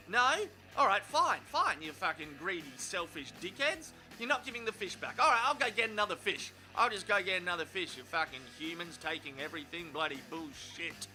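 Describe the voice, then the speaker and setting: A man's voice: sits high, bright, forceful tone, full character voice. A man voicing a ranting, swearing sea lion. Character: indignant male sea lion, sweary and aggrieved.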